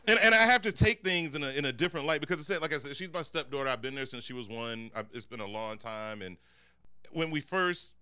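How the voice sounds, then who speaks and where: Brisk, bright-voiced stand-up comic man. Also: medium pitch, animated, clear, resonant tone. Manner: profane, conversational storytelling; addresses the audience directly. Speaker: stand-up comedian. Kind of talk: stand-up comedy set.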